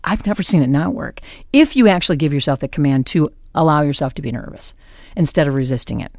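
A woman's voice: deep voice, quick pace, no echo, studio quality. A woman hosting a podcast, telling a story with laughs and acting out the people in it. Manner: lively storyteller, acts out quotes. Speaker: podcast host. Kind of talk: anecdotal podcast talk.

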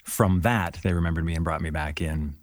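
A man's voice: low voice, steady tone, brisk, dry recording. A man who is a creature suit actor, talking easygoingly in a casual interview.

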